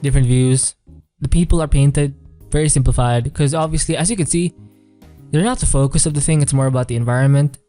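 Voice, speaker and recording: A man's voice: mid-range voice, a little fast, soft background music. A man giving casual, rambling commentary on artwork, full of fillers and hedging phrases. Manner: relaxed, rambling, many fillers and "kind of". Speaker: artist reviewing artwork.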